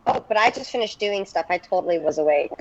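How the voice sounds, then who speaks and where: A woman's voice: lowish voice, lively intonation, fast. A woman playing a tabletop game, chatting in an eager, bubbly way. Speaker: player. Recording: dull lo-fi stream audio.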